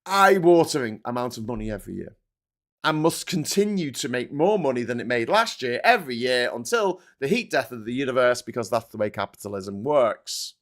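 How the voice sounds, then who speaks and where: A man hosting his own channel, delivering a heated, sarcastic and sweary political rant. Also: medium pitch. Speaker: vlogger host.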